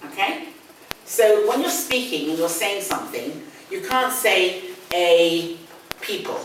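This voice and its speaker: A woman's voice: lowish voice, lively intonation, takes it slowly. An older woman with a London accent teaching English, explaining patiently and repeating key words. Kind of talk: one-on-one language lesson. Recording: echoey room, distant mic, faint noise.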